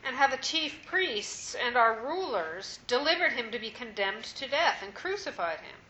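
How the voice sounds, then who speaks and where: A woman in a Bible study reading scripture aloud in a slow, measured way. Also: a little high, big pitch swings, sharp tone, slight background noise. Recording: echoey, muffled room recording, off-mic.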